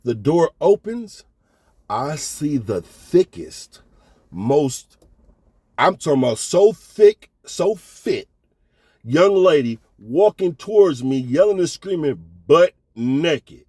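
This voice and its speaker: A man's voice: on the high side, lively intonation, slow pace, a little mellow, slightly rough, no room sound. A man telling a story in a laid-back, slangy way, often checking in with the listener. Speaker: storyteller host. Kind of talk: casual storytelling.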